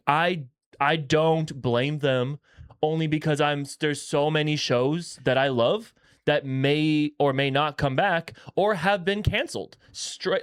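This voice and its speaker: A man co-hosting a podcast, talking in an animated, emphatic way, often restarting his sentences. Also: a little high, smooth, no echo, studio quality. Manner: animated, self-correcting, emphatic. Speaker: podcast co-host. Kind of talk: casual chat.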